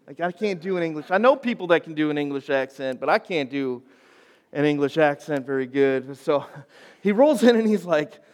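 A man preaching to high schoolers, casual and folksy, building to emphatic points. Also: lively intonation, normal speed, a little mellow. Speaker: youth pastor. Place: church sanctuary. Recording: long hall reverb.

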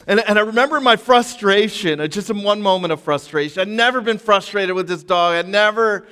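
Higher-voiced male pastor in a reverberant hall. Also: fairly quick, bright, forceful tone, clear, resonant tone. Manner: casual storytelling, many fillers. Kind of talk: conversational sermon.

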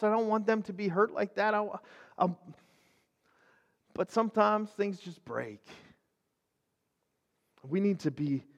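Earnest high-voiced man preaching casually. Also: in a large hall, dull audio. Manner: conversational, earnest, many fillers and restarts. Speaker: pastor. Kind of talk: casual sermon video.

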